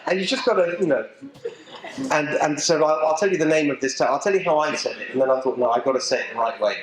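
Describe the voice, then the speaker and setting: A middle-aged man with an English accent giving an animated, emphatic talk to a local political group, joking with the audience as he goes. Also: fairly high pitch, fast talker. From England. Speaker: political speaker. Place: event venue with a live audience. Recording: echoey room.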